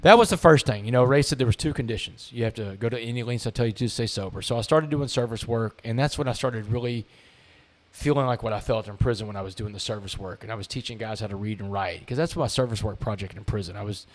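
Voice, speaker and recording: A man's voice: on the low side, fast talker. A middle-aged man, a podcast guest, telling his story in a candid, conversational way and swearing casually. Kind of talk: storytelling interview.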